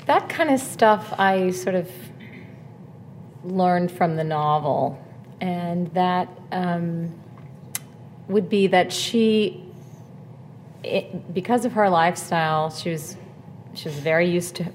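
A woman opera singer on a panel, speaking hesitantly with many pauses and fillers. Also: lowish voice, a little hiss or hum. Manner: slow, hesitant, many ums. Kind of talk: panel interview.

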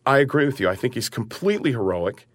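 A man who is an opera singer talking in an interview about a role he sings, animated and acting out his character's lines. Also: medium pitch, quick pace, dry recording. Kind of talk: interview conversation.

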